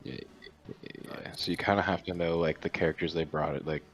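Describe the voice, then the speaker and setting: A man's voice: low voice, steady tone, fast talker, faint music behind. A young man co-hosting a podcast, chatting casually and joking around. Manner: laid-back, joking, drops into mock impressions. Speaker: podcast co-host. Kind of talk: casual chat.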